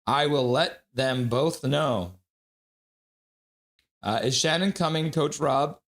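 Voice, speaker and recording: A chatty man hosting a live stream who greets each viewer by name and reads their messages aloud. His voice rises and falls a lot. He has the sniffles and a runny nose. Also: mid-range voice. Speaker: livestream host. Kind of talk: casual live-stream chat reading viewer comments.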